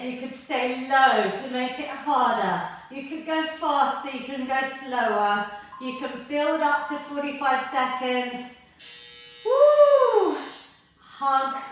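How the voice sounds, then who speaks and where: A woman's voice: high-pitched, fairly bright tone. A woman fitness instructor coaching a workout from the mat, encouraging and out of breath as she exercises along. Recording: echoey room, voice from far off mic.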